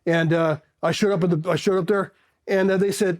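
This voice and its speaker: A man's voice: high-pitched, fairly even intonation, a little fast. A man in his fifties from California, a Marine veteran telling candid stories in a blunt, rambling way, swearing casually. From California, USA. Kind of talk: candid storytelling.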